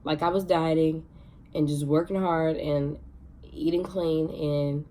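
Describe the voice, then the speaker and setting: A young woman vlogging, telling her own story in a chatty, excitable way with many fillers. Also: sits low, measured pace. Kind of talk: casual storytelling to camera.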